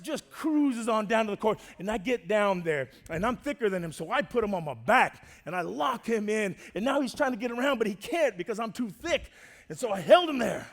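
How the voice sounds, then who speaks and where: A man preaching a sermon to a church, telling a personal story in an animated way that swings between loud and hushed. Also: sits high.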